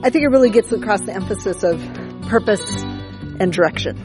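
A woman's voice: medium pitch, lively intonation, brisk. Female dancer, enthusiastic interview clip, guitar music bed.

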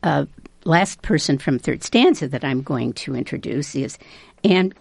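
A woman hosting a local radio show, introducing guests in a halting, self-deprecating way. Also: deep voice, lively intonation, vocal fry, darkish tone, husky, no room sound. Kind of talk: unscripted studio talk introducing guests.

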